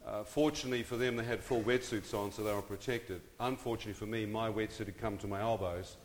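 A man's voice: on the low side, steady tone, fast, a little hiss or hum. Middle-aged man telling a story in a hall. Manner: addresses the audience with questions and asides. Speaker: speaker telling his story. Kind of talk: dramatic personal storytelling to an audience. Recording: long reverb of a large hall.

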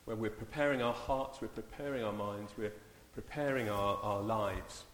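A man leading a church service in an informal, halting way, often repeating his words. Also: on the low side, a bit bright, a little hiss or hum. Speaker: church leader. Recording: echoey church hall, far mic.

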